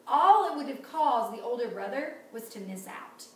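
High-voiced woman teaching kids. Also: moderate pace. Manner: animated, asks the kids questions. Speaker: children's ministry teacher. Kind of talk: kids' Bible lesson. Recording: echoey room, distant mic, faint noise.

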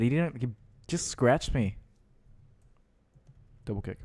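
A young man hosting a gaming channel, giving let's-play commentary with excitable yells, laughter and constant "dude"s. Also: mid-range voice, slow pace, no room sound.

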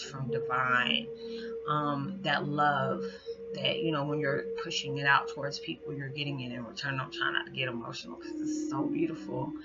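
A man talking in a casual spiritual vlog, halting and full of "you know", near tears at times. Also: a little high. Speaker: spiritual vlogger. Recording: dull lo-fi audio with music behind. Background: background music.

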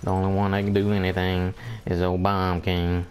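A man's voice: low-pitched, completely flat delivery, moderate pace, a little mellow, slight background noise. A man giving casual gameplay commentary, grumbling in disbelief, repeating himself and chuckling, with folksy mild oaths.

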